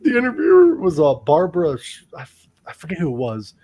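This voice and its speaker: Podcast guy rambling through stories, swears a lot, kinda high voice. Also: a little fast, husky. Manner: animated storytelling, heavy swearing. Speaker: podcast co-host. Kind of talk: casual chat.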